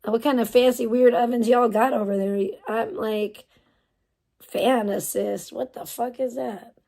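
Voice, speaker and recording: A woman's voice: fairly high pitch, steady tone, measured pace, vocal fry, dark tone. A young woman chatting casually on a livestream, swearing a lot and answering chat in a bemused, exasperated way. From United States. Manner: profane, exasperated, bemused, talking back to chat. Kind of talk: casual live-stream chat.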